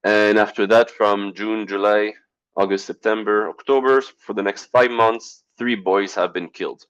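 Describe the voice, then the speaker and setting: A man giving an online presentation over a video call, halting with fillers and clearing his throat as he loses his voice. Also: lowish voice, steady tone, fairly bright tone, lo-fi sound. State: losing his voice.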